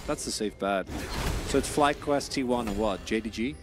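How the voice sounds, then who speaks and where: A man doing casual esports commentary, chatty and relaxed, trading banter with a co-caster. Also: on the low side, moderate pace, music in the background.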